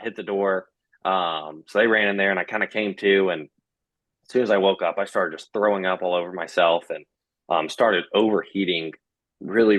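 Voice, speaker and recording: Deep-voiced man telling his story. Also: fairly bright tone, no room sound. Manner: conversational, many fillers and quoted dialogue. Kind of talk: casual storytelling.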